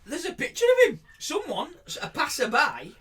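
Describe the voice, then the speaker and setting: Animated man, high lively voice. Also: moderate pace. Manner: animated, giggles while reading, dry asides. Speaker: podcast co-host. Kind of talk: casual podcast chat, reading a news article aloud.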